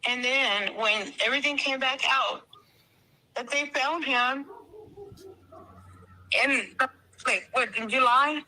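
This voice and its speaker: High bright Texan woman, emotional. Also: slow, long pauses, slight background noise, low-quality recording. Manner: swearing, repeats herself. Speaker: caller on a live stream. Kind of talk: emotional casual storytelling.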